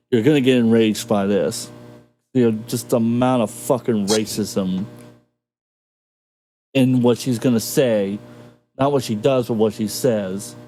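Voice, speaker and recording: A man's voice: medium pitch, dark tone, poor audio. A man hosting a video reaction show, ranting indignantly and swearing often. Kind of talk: profane reaction commentary.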